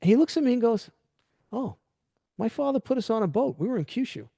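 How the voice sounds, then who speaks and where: A middle-aged man hosting a podcast, chatting casually and telling animated stories that act out quoted dialogue. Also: very high voice, fairly quick, creaky, no room sound, clean studio sound. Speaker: podcast host. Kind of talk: casual interview chat.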